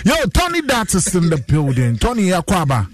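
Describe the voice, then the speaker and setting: A man with a Ghanaian accent hosting a casual radio chat, lively and playful, breaking into bits of song. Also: high voice, brisk, over loud music. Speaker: radio host.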